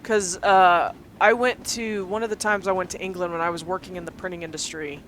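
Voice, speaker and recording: A woman chatting casually as a player in a tabletop game, laughing often and breaking into quick asides. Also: lowish voice, steady tone, a bit bright, slight background noise.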